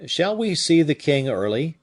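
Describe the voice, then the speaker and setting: Brief: male reader playing a proud, tired musketeer in a storybook, husky, pitched up and animated. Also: a little slow. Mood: curious. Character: proud weary musketeer, middle-aged man.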